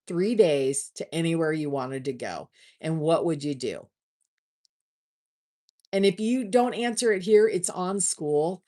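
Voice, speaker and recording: A woman hosting a casual livestream, chatting warmly with viewers and often restarting her words. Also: deep voice. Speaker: livestream host.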